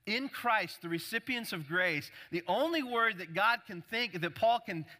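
A man's voice: high-pitched, expressive, unhurried, sharp tone. A man preaching a sermon as a pastor, emphatic, repeating key words and building intensity. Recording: long hall reverb.

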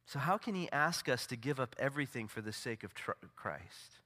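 A man preaching a sermon as pastor, swinging from loud, emphatic peaks to low, intimate asides. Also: big pitch swings, normal speed. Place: church sanctuary.

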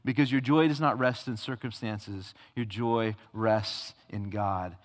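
A man's voice: fairly low pitch, steady tone, a little slow. A male pastor preaching a sermon with emphatic repetition and rhetorical questions, recorded in a church sanctuary. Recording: long hall reverb.

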